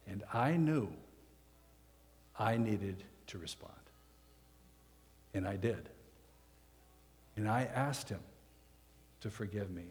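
A man's voice: mid-range voice, a little mellow. A man preaching a sermon as pastor, in a conversational style that leans on rhetorical questions. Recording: long hall reverb.

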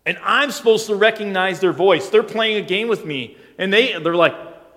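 A man preaching a sermon in a fairly high, conversational voice. He talks like he is telling a story, then leans hard into his main points. The sound carries the long reverb of a large church hall. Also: normal speed, bright, forceful tone. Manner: conversational storytelling, rising to emphatic. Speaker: pastor.

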